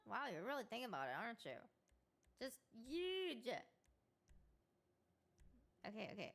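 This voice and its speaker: A woman with a high, bright-pitched voice streams live and chats casually. Her pitch leaps all over as she reacts with excitable energy, talking back to a chatbot. She keeps a loose, joking tone. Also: measured pace, gravelly, pauses often.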